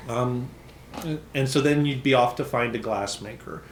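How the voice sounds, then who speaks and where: A man narrating as game master of a tabletop game, relaxed and often pausing with ums. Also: medium pitch, a little hiss or hum. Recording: roomy echo.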